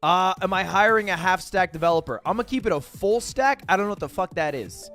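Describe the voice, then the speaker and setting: Animated young man streaming, swearing freely. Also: sits high, quick pace, soft background music. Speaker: livestream host. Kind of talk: casual chat with viewers.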